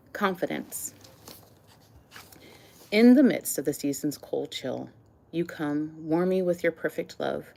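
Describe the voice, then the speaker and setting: Low, gravelly-voiced woman reading poetry. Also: a little mellow. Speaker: poet reading her own work. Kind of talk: slow, tender poetry reading.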